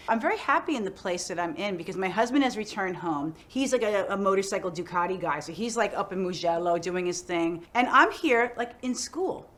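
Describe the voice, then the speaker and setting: A middle-aged woman, an actress chatting casually in an interview, animated and full of "like" fillers. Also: on the low side. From United States.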